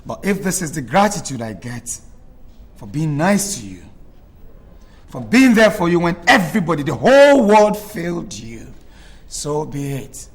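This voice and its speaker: An actor with a Nigerian accent playing a hurt, reproachful young fiancé in a film drama. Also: male voice, medium pitch, big pitch swings, unhurried. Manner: pleading then bitter, swinging between loud and hushed.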